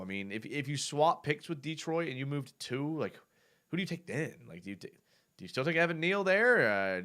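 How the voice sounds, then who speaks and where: A young man chats loosely on a live stream, answering viewers as he goes. His pitch swings widely as he talks, and he stumbles and restarts, stringing thoughts together on the fly. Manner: rambling, self-correcting, animated. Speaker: live show host. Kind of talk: casual live-stream chat reading viewer comments.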